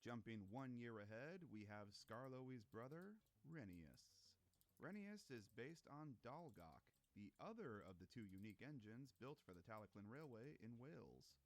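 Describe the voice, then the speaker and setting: A man reading scripted narration in an informative, measured way. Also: mid-range voice, sing-song.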